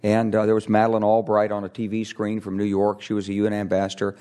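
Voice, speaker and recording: A man's voice: lowish voice, quick pace. Older man telling stories on stage. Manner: lively storytelling, acting out quoted voices. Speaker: retired military officer giving a talk. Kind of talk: anecdotal public talk on stage. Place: stage before an audience.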